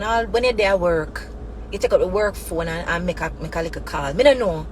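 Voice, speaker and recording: A woman's voice: on the low side, a little fast, a little hiss or hum, poor audio. Emphatic Jamaican woman commentator. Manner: emphatic, repetitive, speaks in Jamaican Patois and English. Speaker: commentary channel host. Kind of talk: impassioned spoken commentary.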